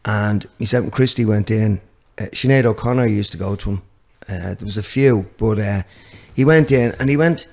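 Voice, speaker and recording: A man's voice: on the low side, moderate pace, vocal fry, hardly any pauses. An older man, a guest guitarist chatting casually in an interview, telling stories with lots of restarts. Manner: animated storyteller with many restarts.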